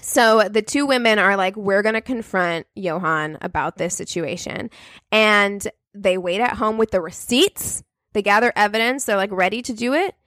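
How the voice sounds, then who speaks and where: Woman podcast host, animated profane storyteller, mid-pitched, dry close recording. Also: moderate pace, no room sound. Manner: animated, profane, acts out quoted people. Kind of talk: casual storytelling chat.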